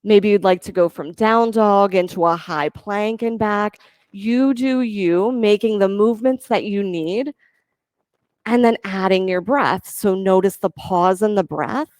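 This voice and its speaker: A woman yoga teacher leading a class, giving calm, encouraging step-by-step cues for breath and poses. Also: medium pitch, measured pace, no room sound. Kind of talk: guided yoga class instruction.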